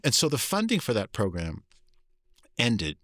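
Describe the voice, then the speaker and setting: A man's voice: medium pitch, measured pace, dry recording, studio quality. A middle-aged man from California, a guest author and professor, telling stories animatedly in an interview. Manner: animated storyteller. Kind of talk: interview storytelling.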